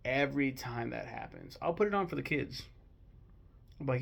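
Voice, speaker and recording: Young male vlogger, gravelly voice with vocal fry, casual and gushing with frequent cursing. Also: mid-range voice, moderate pace. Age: 20s. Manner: candid, swears freely, emotional and gushing. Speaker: movie vlogger. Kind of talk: casual rambling film talk.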